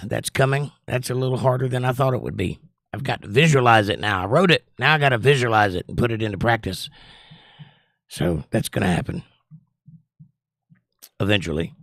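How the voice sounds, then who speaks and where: Male streamer, hoarse, jokey, rambling, mid pitch, dry close sound. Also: dry recording. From North Carolina. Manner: joking, rambling, does silly voices. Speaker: livestream host. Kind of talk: casual chat with live chat.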